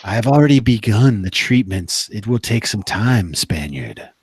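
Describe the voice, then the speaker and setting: Man doing a sultry sorceress, purring and scheming, flat dry tabletop-game sound. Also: lowish voice, normal speed, slightly rough, dry recording, exaggerated voice. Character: sultry scheming female sorceress, evil magic-user.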